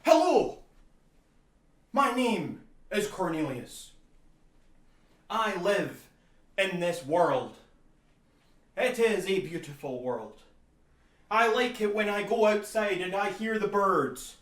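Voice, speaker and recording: A man improvising a one-man play in a solemn, formal deadpan, sometimes bursting into bird cries. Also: high-pitched, takes it slowly, pauses often. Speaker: solo improv performer, as the bird lover. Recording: roomy, from a distance.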